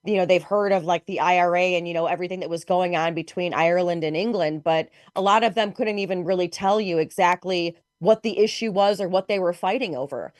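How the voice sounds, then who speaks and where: A woman's voice: fairly low pitch, brisk, few pauses, no echo. Chatty woman, dry sound. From Chicago, USA. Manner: chatty, animated, many fillers. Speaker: guest commentator. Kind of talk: casual political chat.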